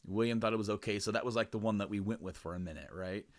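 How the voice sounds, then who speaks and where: A man's voice: on the low side, fast talker, no room sound, clean studio sound. A man co-hosting a casual podcast, telling a rambling story with frequent laughs and restarts. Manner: rambling, laughs often, lots of fillers and restarts. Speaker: podcast co-host.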